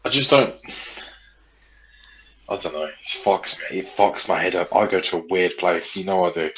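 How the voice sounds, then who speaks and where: Deep-voiced man rambling on a podcast. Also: moderate pace, a bit bright, rough recording. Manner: rambling, repeats himself, swears freely. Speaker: podcast co-host. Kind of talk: casual chat.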